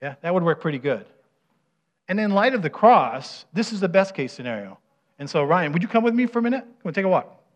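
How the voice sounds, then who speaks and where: A man's voice: high-pitched, sing-song, fairly quick. A man preaching a conversational sermon, often checking in with the congregation with "right?" as he leads a live demonstration. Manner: asks the audience questions, often adds "right?". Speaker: pastor. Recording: dull, muffled recording.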